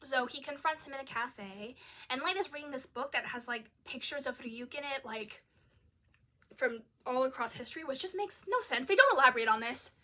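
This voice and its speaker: Exasperated and chatty, a young woman making a video gives a casual film review, leaning on "like" again and again. She speaks at a moderate pace in a high-pitched, expressive voice that is bright and forceful.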